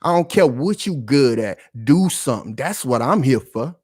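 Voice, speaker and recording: A man's voice: medium pitch, expressive, normal speed, breathy edge, no echo, clean studio sound. A man hosting his own channel, delivering heated, emphatic commentary full of slang and rhetorical questions. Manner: loud, emphatic, confrontational.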